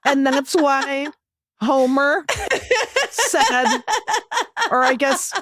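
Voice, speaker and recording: High-voiced, sarcastic woman co-host. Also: drawn-out words, no echo, studio quality. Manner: sarcastic, deadpan jokes. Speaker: podcast co-host. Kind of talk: casual chat.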